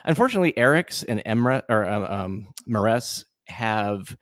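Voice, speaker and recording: A man's voice: lowish voice, lively intonation, normal speed, no room sound. A man from Washington State hosting a podcast in casual chat, rambling with lots of fillers and restarts. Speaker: podcast host.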